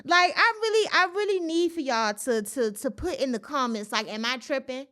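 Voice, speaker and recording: A woman's voice: high voice, lively intonation, normal speed, bright, forceful tone. A woman hosting a solo podcast, ranting in casual commentary with incredulous, profane outbursts and speech. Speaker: podcast host.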